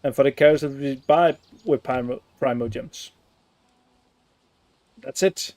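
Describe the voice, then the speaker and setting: A man's voice: medium pitch, a little slow, a little mellow, no echo. A man giving casual gameplay commentary, sarcastic and swearing freely as he plays. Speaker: gaming streamer.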